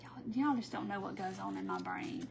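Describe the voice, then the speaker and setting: A woman's voice: medium pitch, huge pitch swings, moderate pace, noisy background. A woman hosting a casual craft livestream, chatting and laughing with viewers by name while she works. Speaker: craft tutorial host.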